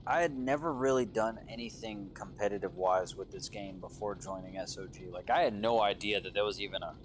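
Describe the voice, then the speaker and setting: A man doing live play-by-play commentary on a drift competition from a commentary booth, excitable and swearing casually, his voice jumping up on big moments. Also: lowish voice, a little fast, a little hiss or hum.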